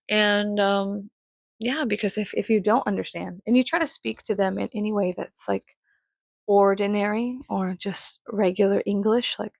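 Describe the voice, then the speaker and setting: A young woman from Texas, with a mild Texas accent, rambles through a casual vlog monologue. She swears freely and breaks into other people's voices with sudden pitch jumps. Her voice has a gravelly fry, and the recording is dry and close. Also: fairly even intonation, normal speed, a little mellow, no echo. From Texas, USA. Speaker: vlogger.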